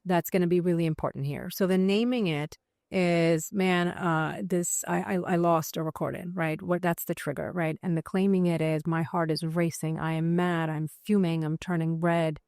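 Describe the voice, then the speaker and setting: Low-voiced woman talking freely in an interview. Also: normal speed, clean tone, no echo, clean studio sound. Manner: animated, with many restarts and fillers. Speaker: psychiatrist guest. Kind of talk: conversational interview.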